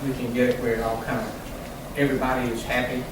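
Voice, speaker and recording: A man calmly laying out business prospects and deals in a formal meeting, explaining each item step by step. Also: mid-range voice, fairly quick. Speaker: development staff presenting prospects. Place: large meeting room. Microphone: distant room mic. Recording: echoey room from far off, faint noise.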